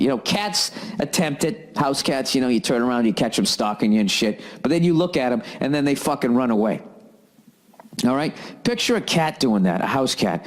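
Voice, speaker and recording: Profane, animated male comedian. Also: mid-range voice. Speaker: comedian and podcast host.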